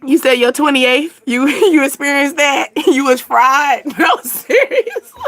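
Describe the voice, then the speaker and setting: High, bright-voiced laughing woman. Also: a little slow. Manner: animated, laughing often, slangy. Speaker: channel host. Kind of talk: casual chat.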